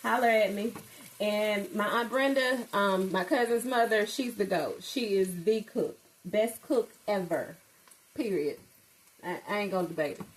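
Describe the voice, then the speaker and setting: A woman's voice: mid-range voice, low-quality recording. A middle-aged woman chatting casually to viewers in her home kitchen while she cooks, calling them "y'all" and exclaiming over the food. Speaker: home cook vlogger. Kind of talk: casual cooking vlog chat. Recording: kitchen sizzle and frying noise behind.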